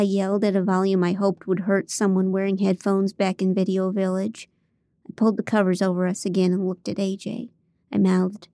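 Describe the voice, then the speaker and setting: A woman's voice: medium pitch, little pitch movement, moderate pace, warm tone, dry recording. A woman narrating a first-person audiobook in a dry, comic way on a close studio mic.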